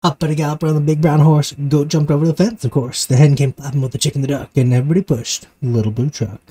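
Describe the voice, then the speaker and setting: A man reading a rhyming picture book aloud to his child in a rhythmic, expressive way. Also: fairly high pitch, fast talker, slightly rough. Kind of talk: storybook read-aloud.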